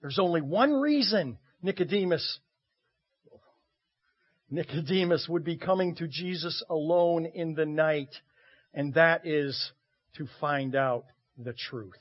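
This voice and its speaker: Husky pastor preaching with dramatic pauses. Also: male voice, on the high side. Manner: expressive, swinging between loud emphasis and quiet asides. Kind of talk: sermon. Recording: muffled lo-fi recording.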